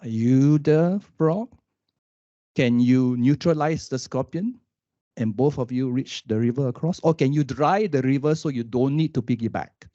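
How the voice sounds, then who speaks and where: A man and youth worker on a conference panel, telling a story with lively questions to the audience. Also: medium pitch, measured pace, no echo, lo-fi sound.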